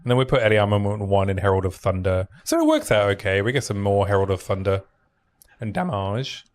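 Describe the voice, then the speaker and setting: A man's voice: on the low side, very animated, brisk. A man streaming a game in a casual, chatty way, thinking aloud and reading out item stats as he plays. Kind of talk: casual gaming stream commentary.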